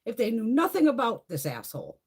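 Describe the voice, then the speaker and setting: Middle-aged woman host, husky, very lively pitch, profane casual live-chat rant. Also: fairly quick. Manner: profane, heated, animated.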